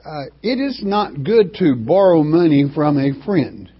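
An older man teaching from the Bible in a folksy, halting way, full of restarts and homespun asides. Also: on the high side, very animated, breathy edge. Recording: dull lo-fi recording.

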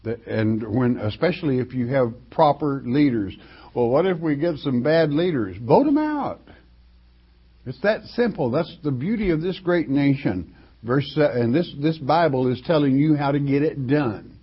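An older man teaching from the Bible in a folksy, halting way, full of restarts and homespun asides. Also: medium pitch, breathy edge. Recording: dull lo-fi recording.

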